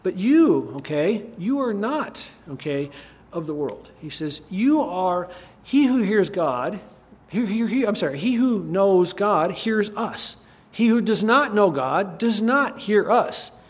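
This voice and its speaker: High-voiced man preaching a sermon. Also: sing-song, slow, slightly rough. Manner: reads scripture aloud, asks the listeners questions, often stops to correct himself.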